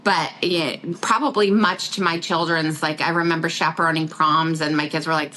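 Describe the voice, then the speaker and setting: Animated middle-aged woman, laughing storyteller. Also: deep voice, normal speed, low-quality recording. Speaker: podcast guest. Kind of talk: casual chat.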